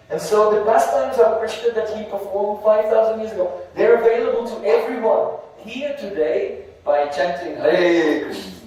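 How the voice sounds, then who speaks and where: Male spiritual teacher, sermon, recited verse breakdown, distant mic, dark tone. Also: high-pitched. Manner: explains Sanskrit verses word by word, chants syllables. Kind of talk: sermon explaining scripture. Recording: very echoey hall, heard from a distance.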